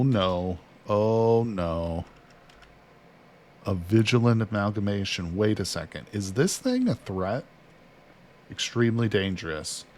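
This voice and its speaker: A man's voice: lowish voice, darkish tone, a little hiss or hum. A man casually commentating as he plays a survival game, chatting to himself and to his character. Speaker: gaming streamer. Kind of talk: casual let's-play commentary.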